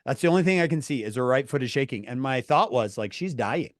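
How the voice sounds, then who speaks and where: A man telling a story to his viewers, animated and laughing through his words, calling on chat by name. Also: mid-range voice, fast, no echo, clean studio sound. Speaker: streamer talking to viewers. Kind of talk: casual storytelling.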